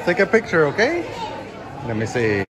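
Playful coaxing vlogger, lively swooping voice, casual family chatter, crowded noisy venue. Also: mid-range voice, moderate pace. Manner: playful, coaxing, laughs often. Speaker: family member filming the outing. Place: busy theme-park restaurant and walkways.

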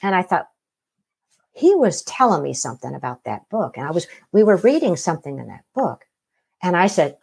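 A middle-aged woman telling her own story as an interview guest, animated, laughing often and acting out what others said. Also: low voice, moderate pace, gravelly, slightly rough. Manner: animated, laughs often, acts out quoted voices. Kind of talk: personal story in conversation.

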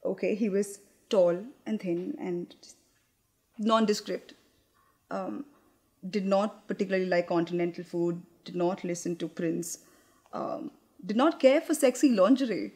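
A young actress performing a theatrical monologue in a candid, confiding, wry manner, with hesitant restarts. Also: female voice, lowish voice, unhurried, a little mellow.

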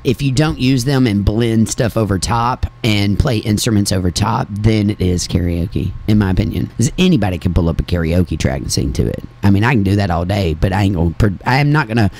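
Host type: a lower-voiced man with a light Kentucky country lilt, straight-talking and chatty, laughs easily. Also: fairly quick, hardly any pauses, a little mellow, a little hiss or hum. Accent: slight Kentucky country. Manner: blunt, chatty, laughs often. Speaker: radio interview host and musician. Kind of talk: casual interview chat.

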